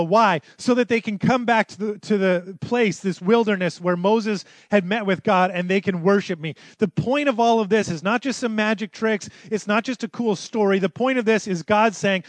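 A pastor preaching to his church in a notably high male voice. He tells the story in a relaxed, conversational way and acts out the quotes as he goes. The sound is close and dry, with almost no room echo. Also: moderate pace, hardly any pauses. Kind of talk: sermon.

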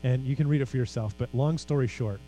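A man's voice: mid-range voice, fast, warm tone, soft background music, low-quality recording. A man preaching a sermon as pastor, earnest and emphatic, with casual conversational asides.

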